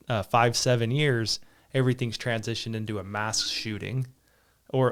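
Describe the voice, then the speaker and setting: Male podcast host, casual chat, rambling anecdotes, frequent laughs, middle-pitched voice. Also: fairly bright tone. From Southern Utah. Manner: rambling storyteller, laughs often.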